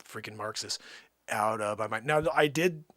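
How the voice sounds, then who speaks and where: A man hosting a livestream, telling a rambling comic story and swinging from low mutters to loud outbursts. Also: moderate pace, no room sound. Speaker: livestream host.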